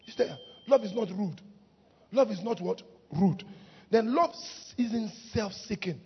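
A woman preaching a lively sermon in church, laughing often and breaking into shouts. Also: medium pitch, measured pace, breathy edge. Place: church hall. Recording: muffled recording in a reverberant hall.

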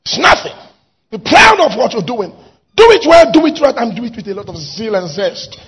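A pastor preaching a sermon, swinging from shouted exhortation to quiet asides. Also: male voice, high-pitched, sing-song, brisk, husky. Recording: dull lo-fi recording.

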